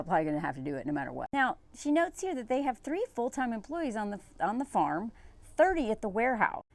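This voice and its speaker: A woman reads an article aloud and reacts to it in a sarcastic, exasperated tone. Her voice is lively and swings up and down in pitch as she talks casually and directly to her viewers. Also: no echo. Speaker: commentator.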